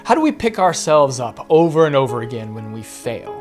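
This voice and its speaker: Male podcast host, earnest storyteller, average pitch, faint guitar bed. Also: sing-song, fairly quick. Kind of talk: storytelling narration. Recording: faint guitar music behind. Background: soft guitar music.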